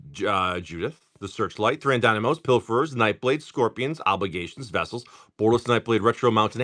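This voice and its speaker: A man hosts a relaxed morning livestream and talks in quick, animated bursts, his pitch rising and falling a lot. He swears casually and greets viewers by name while going through card packs. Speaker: card-breaking livestream host.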